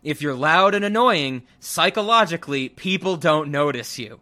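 Bright, animated man co-hosting a movie chat. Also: a little high, normal speed. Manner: animated, laughing. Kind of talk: casual movie-review chat.

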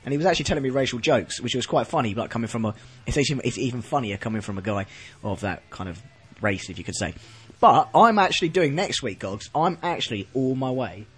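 A man's voice: medium pitch, expressive, fast, slightly rough. A man hosting a podcast in a studio, chatting casually in a rambling, jokey way with frequent laughs. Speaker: podcast host. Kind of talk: casual chat. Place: radio studio.

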